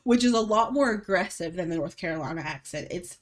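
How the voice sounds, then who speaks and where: A woman with a thick Alabama Southern accent chats casually on a podcast. She tells animated stories, laughs often and swears freely. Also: lowish voice, a little fast. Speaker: podcast co-host. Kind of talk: casual chat.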